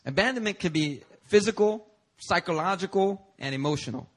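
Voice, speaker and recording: A man from Korea preaching a sermon as a pastor, lively and conversational, moving between loud emphatic lines and soft asides, sometimes laughing through personal stories. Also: on the high side, moderate pace, pauses often.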